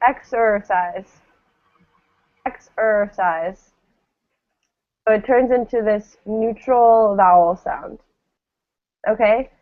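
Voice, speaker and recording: The speaker is an English pronunciation teacher, a woman with a fairly high voice who guides her class through words at a relaxed pace. She draws out each one patiently so students can echo it back, and the sound is thin and tinny, as if over a phone line.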